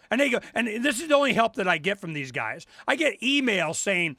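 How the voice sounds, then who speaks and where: Man, talk radio host, very high voice, bright sharp tone, sarcastic angry rant, shouting at times. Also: lively intonation, brisk, few pauses, no room sound, studio quality. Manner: ranting, sarcastic, repeats himself, rising to shouts.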